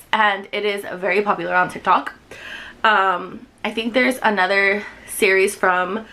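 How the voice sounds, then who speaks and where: A woman in her twenties chatting excitedly to camera about books she loves, with lots of fillers. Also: medium pitch, poor audio. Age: 20s. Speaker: book vlogger. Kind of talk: casual chat to camera.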